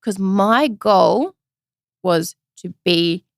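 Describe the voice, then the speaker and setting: Chatty woman with a gravelly edge. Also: medium pitch, drawn-out words, dry recording, clean studio sound. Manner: chatty, animated retelling with quoted voices. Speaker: podcast guest, usual host. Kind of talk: casual storytelling interview.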